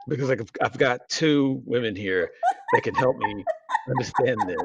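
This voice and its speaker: A man's voice: mid-range voice, lively intonation, moderate pace, dull audio, very noisy. A man co-hosting a casual podcast chat, rambling and joking crudely, with frequent restarts. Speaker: podcast co-host.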